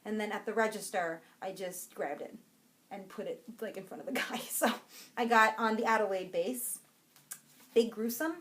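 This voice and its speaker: A young adult woman co-hosting a podcast, chatting casually and excitedly about yarn she bought, rambling and breaking off her own sentences. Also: medium pitch, normal speed. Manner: bubbly, rambling, self-interrupting. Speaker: podcast co-host.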